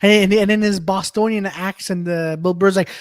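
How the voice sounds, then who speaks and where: Man, high voice, excitable, profane casual podcast chat, dry recording. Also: normal speed, no room sound. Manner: excitable, swears freely, many fillers. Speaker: podcast co-host.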